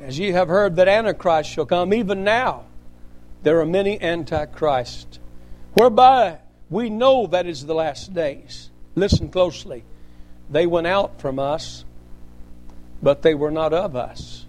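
A man's voice: sits high, measured pace, darkish tone. A man preaching a sermon as pastor, emphatic and punctuated with frequent amens and praise interjections.

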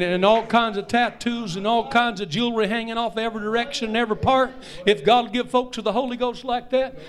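A man, preaching a Pentecostal-style sermon as pastor, repeating lines and rising to shouts. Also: very high-pitched.

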